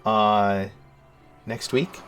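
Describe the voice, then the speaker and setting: A man's voice: on the low side, fairly even intonation, drawn-out words, fairly bright tone, soft background music. A man running a tabletop game as dungeon master, talking casually and easygoing, with fillers. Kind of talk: casual live-stream game talk.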